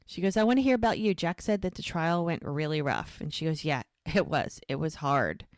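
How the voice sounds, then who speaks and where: A woman's voice: low voice, lively intonation, a little fast, no room sound, studio quality. A woman co-hosting a podcast, casually retelling TV scenes and acting out the characters' lines. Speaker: podcast co-host recapping a TV show.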